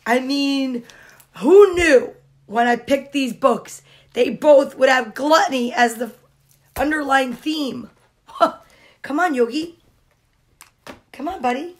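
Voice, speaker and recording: A woman's voice: sits high, slow pace, pauses often. A woman reading a picture book aloud to children, with giggly, chatty asides to the kids. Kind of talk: storybook read-aloud with asides.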